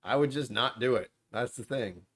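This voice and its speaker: A man's voice: mid-range voice, normal speed, fairly bright tone. A man hosting a casual livestream from home, rambling and sarcastic with self-deprecating asides. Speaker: livestream host. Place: at home, dishwasher running nearby.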